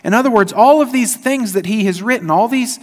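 A male pastor giving a conversational, animated sermon, often laughing at himself. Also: high-pitched, brisk, big-room sound.

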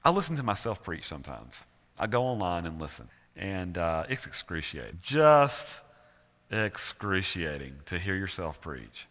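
A man's voice: low-pitched, very animated, unhurried, a bit bright. A male pastor with a Southern US accent preaching a sermon earnestly, with emphatic repetition. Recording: reverberant church hall.

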